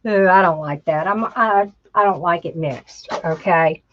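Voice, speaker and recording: A woman's voice: fairly low pitch, measured pace. Chatty woman crafting, lo-fi sound. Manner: chatty, talks to herself while working, says "y'all". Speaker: craft instructor. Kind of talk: live crafting tutorial.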